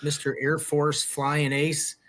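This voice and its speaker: A man's voice: on the high side, completely flat delivery, slow pace, a bit bright. A man co-hosting a live chat show, joking and giving showy introductions. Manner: jokey, theatrical introductions. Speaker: co-host. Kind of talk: casual livestream banter.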